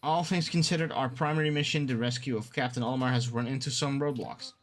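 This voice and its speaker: A man reading aloud the lines of a rescue-ship captain briefing a rookie crew, in a steady read-aloud manner. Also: medium pitch, fast talker, close to an everyday voice. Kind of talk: reading game dialogue aloud.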